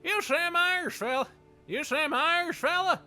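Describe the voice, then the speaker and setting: A man voicing a manic, boyish male dog who guides miners, squeaky and excitable. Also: moderate pace, faint music behind, full character voice. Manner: excitable, shouty, pushy.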